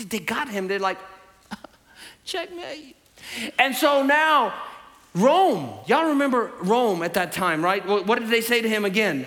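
A man preaching a sermon to a congregation, animated, swinging between loud emphasis and hushed asides. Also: sits high. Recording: hall reverb.

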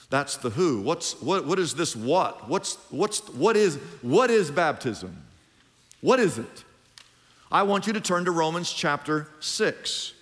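A man's voice: on the high side, a bit bright. A middle-aged man preaching a sermon as pastor, drawing lines out and leading the congregation in call-and-response. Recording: long hall reverb.

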